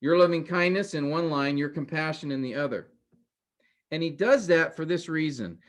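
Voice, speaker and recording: A man's voice: fairly high pitch, moderate pace. A man teaching a Bible class in a recorded lecture, explaining step by step and asking rhetorical questions. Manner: explanatory, addresses class as guys and men; repeats points with rhetorical questions.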